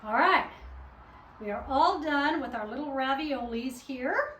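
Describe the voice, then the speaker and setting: A woman with a high voice talks through a recipe in her home kitchen, chatty and quick to poke fun at herself. Dishes and pans clatter clearly behind her as she works. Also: animated, a bit bright, slight background noise. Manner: chatty, self-mocking, talks to herself while cooking. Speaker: cooking vlogger. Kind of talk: casual cooking video.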